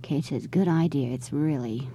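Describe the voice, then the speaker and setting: A woman's voice: extremely low pitch, normal speed, mellow, slight background noise. A middle-aged woman telling a family story in an interview, acting out what people said along the way. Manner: conversational, re-enacts quoted dialogue. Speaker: interviewee, mother.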